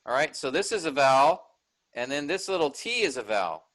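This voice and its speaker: A man leads a workshop lecture with a fairly high, bright voice. He explains step by step, often asking his listeners if they follow. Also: very animated, a little fast, low-quality recording. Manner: explanatory, checks in with listeners, frequent fillers. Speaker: teacher. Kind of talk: online workshop lecture on Hebrew text.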